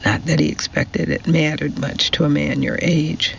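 A man voicing a brisk, tactless grown son who speaks in a blunt, matter-of-fact way. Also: fairly high pitch, fairly even intonation, gravelly, fairly bright tone, muffled recording, slight background noise.

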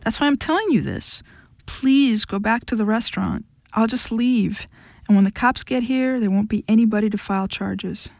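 Weary, firm adult woman, read by a woman; flat, warning tone, dry close sound. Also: a little high, normal speed, creaky, dry recording.

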